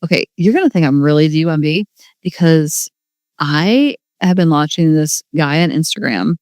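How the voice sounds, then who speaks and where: A woman's voice: low-pitched, normal speed, darkish tone, no echo. A woman in her forties hosting a podcast, talking in a casual, rambling, gushing way and filling her speech with "like.". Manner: rambling and gushing, heavy use of "like". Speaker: podcast host. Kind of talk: casual solo podcast monologue.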